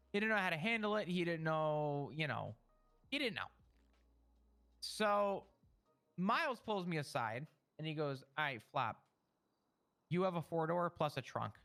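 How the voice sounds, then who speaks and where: Bright, rambling man telling a story. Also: fairly high pitch, smooth. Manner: rambling, profane, stammering retelling. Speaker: roleplay character telling a story. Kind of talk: in-character storytelling.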